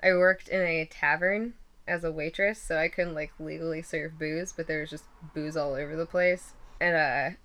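Woman, twenties, casual interviewee; bright, slightly low voice, rambling with plenty of fillers. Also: steady tone, moderate pace. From western Pennsylvania. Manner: rambling, laughs often, many fillers. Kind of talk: casual chat.

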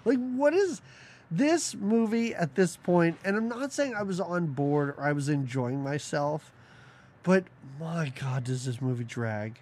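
A man co-hosting a podcast, chatting casually about a film with animated, sarcastic asides and frequent laughter. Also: on the high side, measured pace. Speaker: podcast co-host. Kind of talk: casual movie-review chat.

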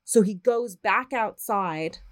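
A woman's voice: medium pitch, slow. A woman co-hosting a podcast, casually retelling a ghost story with plenty of swearing. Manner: profane, animated retelling of a spooky story. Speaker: podcast co-host.

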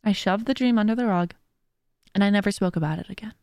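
A fast-talking woman with a medium-pitched, darkish, clear and resonant voice is heard in clean studio sound without echo. The podcast host and streamer delivers a casual, earnest monologue of faith-based motivation.

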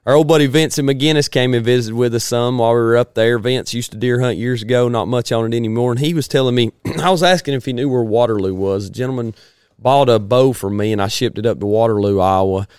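A man, hosting a casual chat in a rambling, folksy way and clearing his throat often. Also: mid-range voice, quick pace, darkish tone, no room sound, studio quality.

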